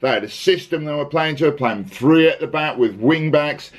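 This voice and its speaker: A man's voice: on the high side, normal speed. A man hosting a casual football chat, sarcastic and exasperated, rambling with restarts. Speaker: podcast host.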